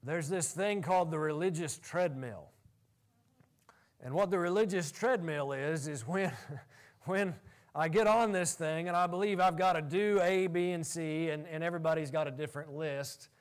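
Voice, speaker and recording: A male pastor preaching a sermon in an animated way, laughing often as he talks. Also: fairly high pitch, normal speed.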